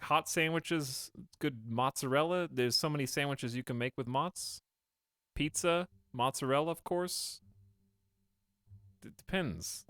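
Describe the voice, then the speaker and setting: A man's voice: fairly high pitch, a bit bright, dry recording. A man streaming a game live, rambling casually to his chat as he plays. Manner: rambling, talks to chat while playing.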